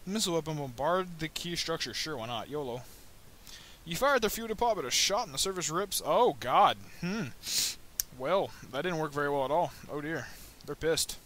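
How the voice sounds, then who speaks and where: A man giving let's play commentary on a budget microphone, rambling and joking with sudden high excited yelps. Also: moderate pace, slight background noise. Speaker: gameplay commentator. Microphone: new budget microphone.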